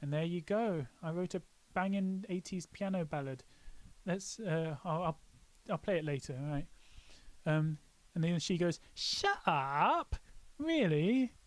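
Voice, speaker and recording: A man's voice: on the high side, normal speed, a little mellow, dry recording. Joking male streamer, dry close sound. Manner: joking, self-mocking. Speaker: live stream host. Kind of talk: casual live stream walkthrough.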